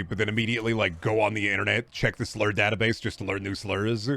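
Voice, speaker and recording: A man's voice: fairly low pitch, quick pace, vocal fry, few pauses, fairly bright tone, no room sound. Guy ranting on stream, lots of swearing, sarcastic, some faint music in the back. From Texas. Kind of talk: casual ranting stream chat.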